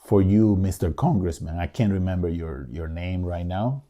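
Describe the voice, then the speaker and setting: A man's voice: sits low, normal speed, warm tone. A man co-hosting a podcast, speaking with emotion, pleading and angry, repeating his phrases. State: angry and upset. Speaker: podcast co-host. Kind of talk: impassioned commentary.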